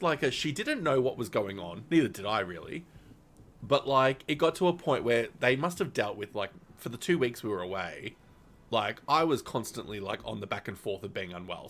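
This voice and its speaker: A man's voice: medium pitch, a bit bright, slight background noise. A man streaming, telling a long personal story in casual, rambling talk full of fillers and little laughs.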